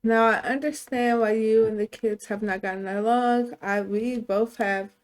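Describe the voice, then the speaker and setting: A woman voicing a calm middle-aged husband and father in a life-sim game story, soothing and reasoning with his wife. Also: on the high side, normal speed, natural voice. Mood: pleading.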